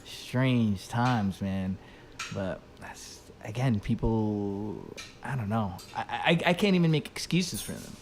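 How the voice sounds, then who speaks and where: A man's voice: fairly low pitch, slow, a little mellow, slight background noise. A young man telling a story in casual chat, rambling, swearing, leaning on "like". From Dominican family, raised in the US. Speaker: podcast host.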